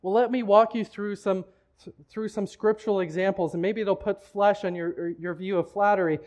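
A man's voice: high voice, steady tone, moderate pace, a little mellow. A man preaching a sermon in a church, talking in a conversational way with frequent restarts. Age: adult, married. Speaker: pastor.

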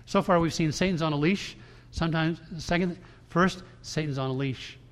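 A male pastor preaching to a congregation in a large church room, his somewhat high voice ringing out in long hall reverb. He is emphatic, dropping to a hush and then rising loud. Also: normal speed. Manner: emphatic preaching, swinging between hushed and loud. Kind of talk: sermon.

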